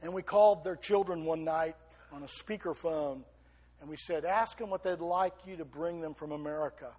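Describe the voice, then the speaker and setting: A middle-aged male pastor preaching a sermon in a husky, somewhat high voice. He builds to loud emphatic peaks, then drops to quiet, close asides to the congregation. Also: moderate pace.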